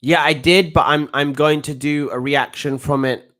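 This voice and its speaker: A man's voice: on the high side, moderate pace. A man giving a casual, rambling live reaction to a football match as a coach, full of restarts and slang. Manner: excitable, rambling, with frequent restarts and slang like "bruv".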